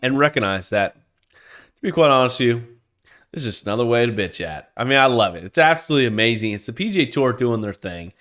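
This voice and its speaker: A podcast host rants solo in a heated, profane way, swearing freely and restarting or repeating words as he gets worked up. His mid-range voice is fairly bright, with lively intonation and a slightly fast pace.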